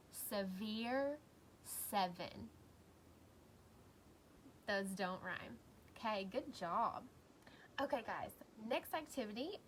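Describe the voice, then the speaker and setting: A woman teacher records a lesson for young children, speaking slowly with a lively, rising and falling voice. She encourages warmly and sounds out each word with care. Faint noise sits behind her. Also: on the high side. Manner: slow, encouraging, clearly sounding out words.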